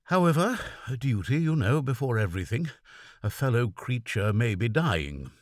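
A man's voice: mid-range voice, very animated, normal speed, dry recording, studio quality, voice pushed up. A man doing a quavering country doctor. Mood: chatty. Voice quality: weak, quavering voice. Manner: chatty, talks freely with humour and vigour. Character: sensible middle-aged male country doctor.

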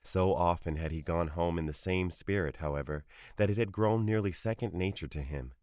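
A man giving a measured, scripted narration of a short story. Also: sits low, darkish tone, no room sound, studio quality. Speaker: audiobook narrator.

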